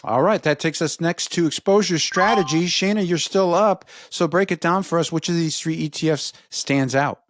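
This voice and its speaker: A man hosting a panel show, moving things along briskly and trading light jokes with his guests. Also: on the high side, no echo. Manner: brisk, jokey banter with guests. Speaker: show host and referee.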